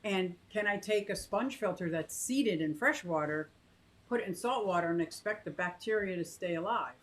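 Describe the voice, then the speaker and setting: A woman's voice: expressive, moderate pace, rough recording. A woman in her fifties talking casually about her fish tanks, thinking aloud with many restarts and asides. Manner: coos in a high sing-song to her pet bird. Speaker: aquarium vlogger. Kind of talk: casual chat to camera and live chat.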